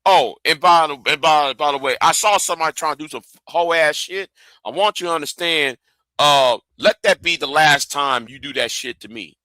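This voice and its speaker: A man's voice: a little high, normal speed, sharp tone, no room sound. A man hosting a livestream, ranting angrily and profanely, often repeating himself and stumbling over words. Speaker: livestream host. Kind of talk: heated livestream rant.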